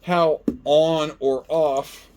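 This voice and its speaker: A middle-aged man talks his way through a hands-on product test, loose and chatty. His voice sits a little higher than most men's, and he keeps up an animated running commentary. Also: drawn-out words, noisy background. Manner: chatty and animated, talks to himself while testing. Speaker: gardening channel host. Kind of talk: casual product-testing vlog.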